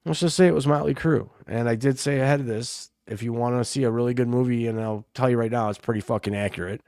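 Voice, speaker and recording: A middle-aged man tells loud, profane stories in casual talk, playing every part in his tales himself. His voice is gravelly, and the recording sounds close and dry. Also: mid-range voice, fairly even intonation, fast talker, dry recording. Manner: rowdy storyteller, swears freely, acts out quotes. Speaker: podcast co-host. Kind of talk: casual chat.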